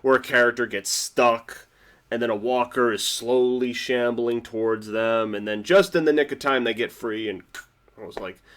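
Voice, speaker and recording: A man giving a casual reaction review of a TV episode, rambling with lots of "like" fillers and restarts, swinging between excited and quiet. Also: mid-range voice, moderate pace. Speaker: TV show reviewer.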